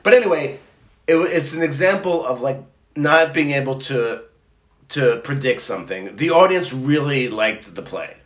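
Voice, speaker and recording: A man's voice: mid-range voice, normal speed. Rambling middle-aged man in a roomy space. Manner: rambling, animated storyteller, many restarts. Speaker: podcast co-host. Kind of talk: casual chat. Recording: roomy echo.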